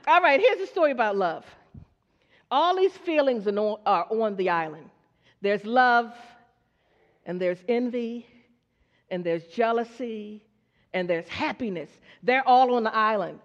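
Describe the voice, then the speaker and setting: A woman's voice: on the high side, animated, measured pace. A woman preaching a sermon to her congregation, asking them questions and acting out the characters in her story. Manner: call-and-response, asks the congregation questions; acts out story characters in quoted voices. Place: church hall. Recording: dull lo-fi recording with long hall reverb.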